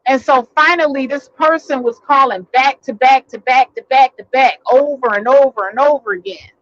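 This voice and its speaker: High-voiced woman telling a story, rambling. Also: normal speed, no echo, highs cut off. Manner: rambling, many fillers and restarts. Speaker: vlogger. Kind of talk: casual storytelling. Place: in a vehicle.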